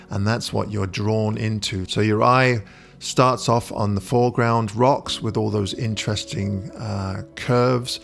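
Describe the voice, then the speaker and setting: A man with a low, gravelly voice talks through a photography lesson. He explains calmly and stops often for a thoughtful "uh", with soft music playing underneath. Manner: relaxed, explanatory, with frequent "uh" pauses. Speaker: photography instructor. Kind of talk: voice-over tutorial.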